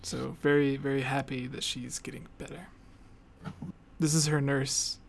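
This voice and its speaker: Man, podcast host, playful joking tone, middle pitch. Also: level tone, unhurried, vocal fry. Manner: joking, laughs often. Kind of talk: casual livestream podcast chat.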